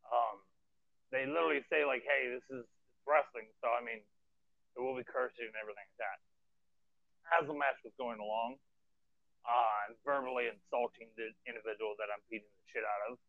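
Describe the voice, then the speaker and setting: A man's voice: medium pitch, fairly even intonation, a little fast, no echo. A man who wrestles for a living telling stories in a casual podcast chat, blunt and profane, ranting with energy. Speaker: professional wrestler guest. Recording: dull lo-fi sound, dry.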